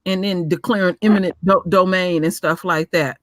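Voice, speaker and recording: Higher-voiced halting man. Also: steady tone, fairly bright tone, no room sound, clean studio sound. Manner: halting, repeats words, profane. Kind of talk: casual chat.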